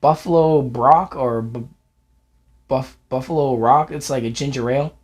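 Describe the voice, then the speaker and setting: A podcast co-host tells a story in casual conversation, his voice medium-pitched and darkish at a moderate pace. He frequently quotes people, raising his voice when he does.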